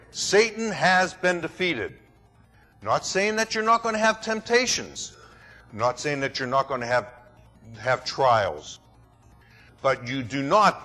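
A pastor preaching a sermon, dramatic and rhetorical, who acts out other people's words. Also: male voice, high voice, pushed and bright. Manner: dramatic, rhetorical, mimics voices.

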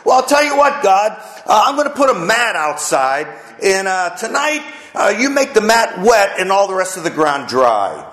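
A man's voice: high voice, sing-song, normal speed, few pauses, fairly bright tone, roomy sound, voice pushed up. A man voicing a hesitant biblical man bargaining with God for a sign, in a sermon. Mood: pleading. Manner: pleading, hesitant with "uh"s.

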